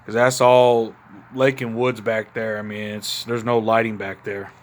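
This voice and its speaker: A man's voice: on the low side, level tone, a little slow. Laid-back Southern man rambling outdoors. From Mississippi, US. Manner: laid-back, rambling, addresses viewers as y'all. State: tipsy. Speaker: vlogger. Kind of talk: casual outdoor chat to camera. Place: backyard at night in the countryside. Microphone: phone camera.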